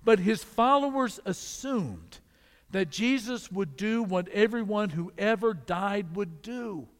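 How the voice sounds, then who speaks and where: A man preaching a sermon, moving between loud emphatic repeated calls and quiet, low storytelling. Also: animated, takes it slowly, in a large hall.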